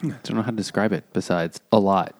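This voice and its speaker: A man co-hosting a casual podcast who describes a beer in halting, searching words. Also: low-pitched, steady tone, darkish tone, no room sound, studio quality. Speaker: podcast co-host.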